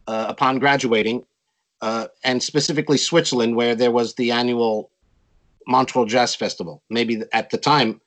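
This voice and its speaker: An older man telling stories from his music career in an interview, animated and acting out quotes in a raised voice. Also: medium pitch, low-quality recording. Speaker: interview guest, jazz musician. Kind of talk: storytelling in a conversation.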